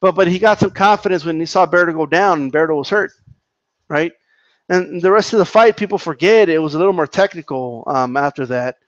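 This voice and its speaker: This man's voice sits on the high side and moves briskly, captured in a muffled recording without echo. He's live streaming, reading chat and going off about boxing in a profane, repetitive, heated way.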